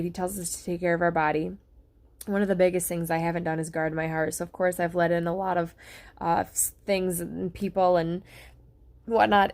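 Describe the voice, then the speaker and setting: A woman talking to the camera at home in a casual, rambling way, with many fillers and restarts. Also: medium pitch. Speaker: vlogger sharing a health experience. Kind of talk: casual personal talk to camera. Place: at home, on a couch.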